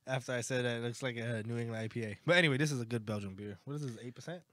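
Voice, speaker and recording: Profane beer-tasting man, bright tone. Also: mid-range voice, rapid-fire, dry recording. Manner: profane, laughing, easily flustered. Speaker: podcast co-host. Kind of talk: casual chat over beers.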